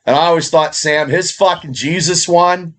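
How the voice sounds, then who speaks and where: Brief: middle-aged guy, loose, cussing podcast host, slightly high voice. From Indiana, USA. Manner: profane, rambling, fast. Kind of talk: casual podcast chat.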